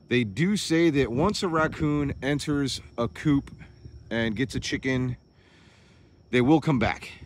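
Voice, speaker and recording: A man vlogging outdoors on a small farm, chatty and worried, thinking out loud as he walks around. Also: medium pitch. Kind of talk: casual vlog commentary.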